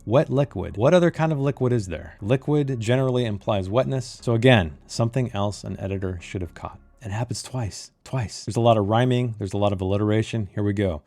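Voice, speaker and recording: A man's voice: lowish voice, brisk, hardly any pauses, darkish tone. A man reviewing a novel in a critical monologue, emphatic and fond of repeating key phrases for effect. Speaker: book reviewer.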